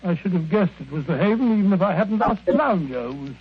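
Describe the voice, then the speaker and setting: Watson, a raspy-voiced earnest chronicler on old radio. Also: male voice, high-pitched, expressive, fast talker. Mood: recounting. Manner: fumbling, repeats words while recounting. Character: Dr Watson, earnest middle-aged male companion. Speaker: actor playing Watson. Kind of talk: radio drama acting. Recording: tinny lo-fi radio broadcast.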